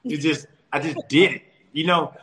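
A comedian guest, a man with a somewhat high voice, tells stories in a casual interview over a call from home. He's animated, laughs often and restarts himself quickly.

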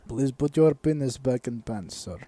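A man's voice: mid-range voice, expressive, normal speed, warm tone, natural voice. A man putting on a mock Russian accent as a stern police officer, speaking broken English without articles.

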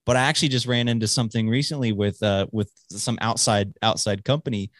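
A man's voice: on the low side, steady tone, quick pace, fairly bright tone, no room sound. A man hosting a show, talking casually in a rambling way with lots of swearing and restarts, recorded close on a dry mic. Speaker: podcast host. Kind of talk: casual chat.

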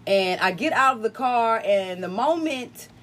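A woman's voice: on the high side, expressive, unhurried, a bit bright. Upbeat woman podcaster with a country twang. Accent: slight Southern country twang. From upstate New York. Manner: repetitive, preachy, profane. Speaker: podcast host. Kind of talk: casual spiritual chat.

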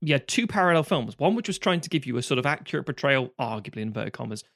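A man's voice: mid-range voice, big pitch swings, fast, gravelly, fairly bright tone, no echo, clean studio sound. A man, co-hosting a podcast, rambling and restarting often and swearing casually. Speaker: podcast co-host. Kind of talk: casual film discussion.

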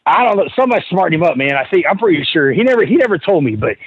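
Rapid-fire and high-voiced, slightly rough, a man who wrestles tells a meandering, cursing anecdote on a podcast, impersonating the people in it with animation. There's no echo, though the podcast audio is dull and lo-fi.

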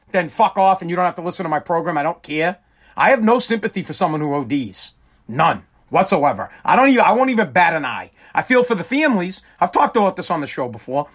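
A man's voice: high-pitched, fairly bright tone. Blunt, profane man. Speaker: host. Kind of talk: opinionated monologue.

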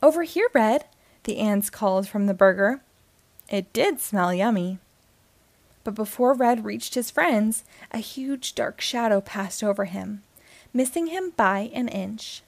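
A woman hosting and reading a children's book aloud in a slow, expressive way. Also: mid-range voice, no echo. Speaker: host and reader.

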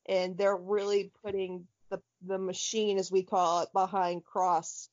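A young adult woman co-hosting a podcast, chatting in an excitable, rambling way and laughing easily. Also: mid-range voice, measured pace, dry recording. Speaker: podcast co-host. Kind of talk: casual chat. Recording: muffled dry lo-fi audio.

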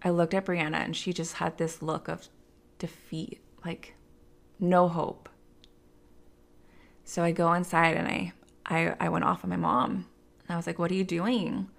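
A woman sits across from an interviewer and tells her own story in a candid, conversational way. Her voice sits low and carries a gravelly fry. She fills her sentences with "like" and "you know.". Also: little pitch movement, unhurried, long pauses. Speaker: interview guest.

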